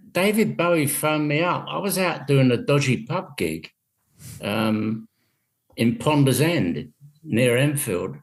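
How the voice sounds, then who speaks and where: An older man from England, a guest on a radio show, telling stories in a dry, wry way over a video call. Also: mid-range voice. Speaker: guest musician. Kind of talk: casual radio interview.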